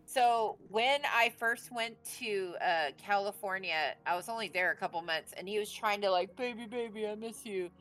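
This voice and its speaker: A woman's voice: medium pitch, moderate pace, few pauses, a bit bright, poor audio. Rambling woman in her late forties. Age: 40s. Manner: rambling, full of "you know" and "like". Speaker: guest telling a personal story. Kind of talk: casual storytelling.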